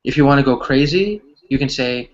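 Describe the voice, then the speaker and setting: Male teacher, mid pitch, patient, keeps asking "right?", slightly muffled video-call audio. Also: lively intonation, fairly quick. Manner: explains patiently, asks "right?" constantly. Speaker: English teacher. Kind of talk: online class teaching.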